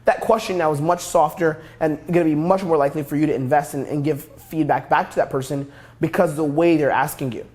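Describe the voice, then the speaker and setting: Brash young male coach, rapid delivery, fairly high voice, profane instructional talk. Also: steady tone, a little mellow. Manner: brash, profane, repetitive emphasis. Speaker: dating coach. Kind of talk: instructional monologue.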